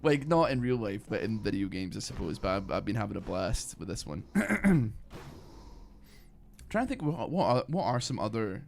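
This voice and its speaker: A man's voice: on the low side, sing-song, normal speed, creaky, darkish tone, a little hiss or hum. A man streaming a video game, chatting casually in a rambling way with lots of fillers. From Scotland. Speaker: gaming streamer. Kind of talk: casual gameplay commentary.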